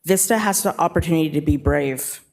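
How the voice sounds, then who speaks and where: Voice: medium pitch, brisk, creaky, darkish tone. A speaker with a mid-range voice gives a brief prepared statement at a council meeting. The delivery is earnest and direct, as from an organization director speaking at a podium. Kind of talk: brief prepared public comment.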